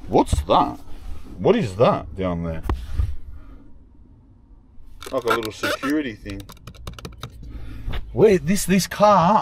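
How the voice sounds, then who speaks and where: A man's voice: mid-range voice, a little hiss or hum. A young man, chatting casually and slangily as a vlogger at an outdoor car yard, thinking aloud as he goes. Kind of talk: casual vlog chat.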